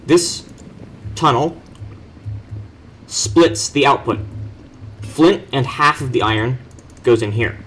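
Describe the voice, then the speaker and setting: A man's voice: mid-range voice, slow pace, long pauses, a bit bright, slightly rough, faint music behind. A young man casually walking through his game base, rambling, correcting himself and making dry offhand jokes. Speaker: player giving a base tour. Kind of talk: casual game walkthrough commentary.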